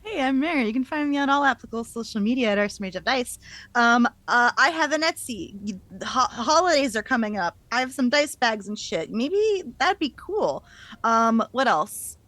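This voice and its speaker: A woman's voice: a little high, lively intonation, moderate pace, a bit bright, no room sound. A woman tabletop game player chatting casually and offhandedly about herself. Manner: casual, loose, swears offhandedly. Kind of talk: casual chat.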